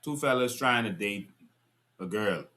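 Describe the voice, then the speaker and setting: A man talking politics straight to his audience, with a bright, ringing tone. His pitch swings widely as he piles up rhetorical questions and lectures in an exasperated voice. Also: measured pace. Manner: animated, rhetorical, rising into exasperated scolding. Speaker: political commentator. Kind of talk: casual political commentary to viewers.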